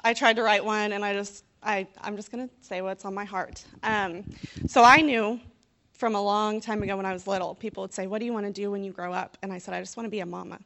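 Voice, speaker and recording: A woman's voice: mid-range voice, fairly even intonation, fast talker, a bit bright. A woman giving a personal testimony in church, nervous and close to tears, talking freely without notes. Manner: talkative and unscripted, with fillers.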